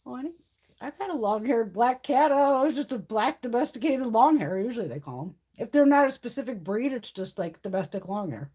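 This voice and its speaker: A woman's voice: a little high, expressive, a little fast, mellow, slightly rough. A woman hosting a live stream from home, chatting casually, swearing freely and laughing often. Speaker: livestream host. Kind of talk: casual chat.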